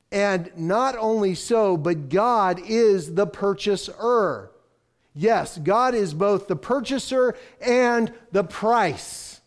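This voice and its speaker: A man preaching a sermon as pastor, swinging from loud proclamations to hushed, emphatic lines. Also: high voice.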